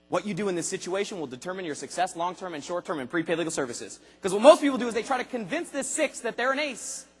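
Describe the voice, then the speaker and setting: Man, motivational speaker, very high voice, husky tone, lively speech to a big arena crowd. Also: long reverb tail. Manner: animated, acts out quoted voices, rhetorical questions to the crowd. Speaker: motivational speaker at a sales convention. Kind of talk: energetic motivational speech to a large audience. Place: large arena convention hall.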